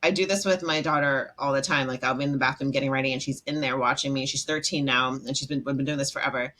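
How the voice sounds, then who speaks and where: A middle-aged woman speaking as a guest expert in a casual podcast interview, animated and acting out her own self-talk. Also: rumbling low, fast.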